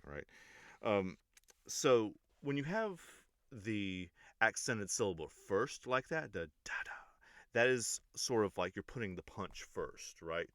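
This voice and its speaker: Casual English teacher, male, very low voice, rambling but pedantic explainer. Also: dry recording, studio quality. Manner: pedantic but relaxed, many ums and restarts. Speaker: English teacher and music reaction host.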